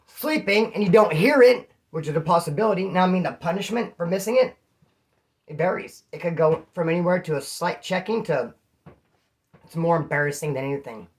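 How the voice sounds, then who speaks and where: A man from California with a slightly hoarse voice, casually telling rambling stories to his channel's viewers. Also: a little high, animated, normal speed. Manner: slangy, rambling, calls listeners homeboy. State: throat issue, slightly hoarse. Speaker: vlogger. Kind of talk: casual storytelling to camera.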